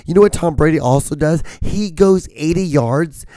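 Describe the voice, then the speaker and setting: Hoarse man rambling on a solo podcast. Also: a little high, normal speed, mellow, dry recording, studio quality. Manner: rambling, profane, jokey. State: hoarse, losing his voice. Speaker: podcast host. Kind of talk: solo comedic rambling monologue.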